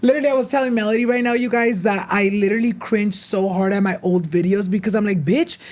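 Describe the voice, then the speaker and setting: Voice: medium pitch, fairly even intonation, fast talker. Teasing podcast host. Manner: teasing, mixing English and Spanish, mimics guest. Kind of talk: casual interview chat.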